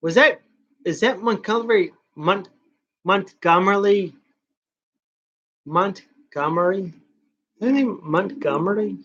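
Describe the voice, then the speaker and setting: A man vlogging in a casual late-night monologue, rambling and confessional with hushed asides. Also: high-pitched, takes it slowly, pauses often, muffled recording.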